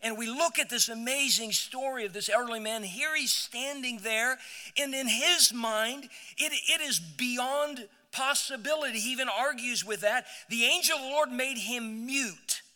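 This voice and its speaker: A man's voice: very high-pitched, moderate pace, bright, forceful tone. A man preaching a sermon, telling a story with many repeated words and rising to emphatic peaks. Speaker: pastor. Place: church sanctuary. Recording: church hall with long reverb.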